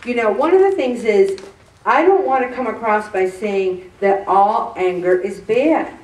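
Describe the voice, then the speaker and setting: A woman's voice: fairly high pitch, measured pace, darkish tone, recorded from a distance. An earnest woman gives a conversational, faith-based self-help talk and often restarts her sentences. She sits some way back from the mic. Her voice carries a roomy echo. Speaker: host.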